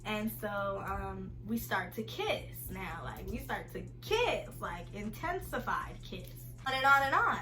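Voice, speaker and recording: A young woman vlogger telling a casual storytime to her viewers, chatty and animated and often laughing. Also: medium pitch, unhurried, hardly any pauses, over music, poor audio.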